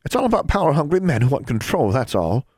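A man's voice: mid-range voice, big pitch swings, fast, a little mellow, breathy edge, dry recording, studio quality, pitched above the performer's own voice. A man voicing a curt, frustrated woman teacher in a storybook reading, clipped and dismissive. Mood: exasperated.

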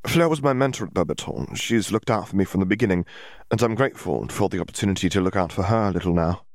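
A man's voice: low-pitched, expressive, fast, no room sound. Guy doing a earnest teenage witch, precise and a bit defensive, raised voice, dry sound. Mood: guarded. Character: clever earnest young witch, teenage girl.

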